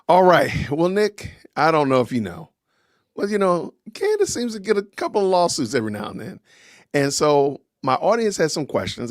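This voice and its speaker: An upbeat man hosting a podcast livestream, chatty and full of shout-outs to his viewers. His voice sits in a middle pitch with a gravelly, creaky edge, and the sound is close and dry. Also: no echo. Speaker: podcast host. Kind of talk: casual livestream interview.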